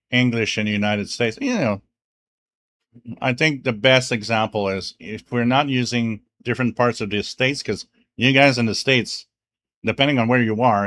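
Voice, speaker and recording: A man's voice: fairly low pitch, a bit bright. A French Canadian man, a native French speaker, hosting a live stream. He chats casually, reads viewer comments aloud and laughs often between fillers. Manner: chatty, laughs often, many fillers like "you know". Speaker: livestream radio host.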